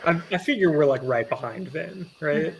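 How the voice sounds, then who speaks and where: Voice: mid-range voice, expressive, moderate pace, creaky, a little hiss or hum. A tabletop player asking the game master questions in a hesitant way.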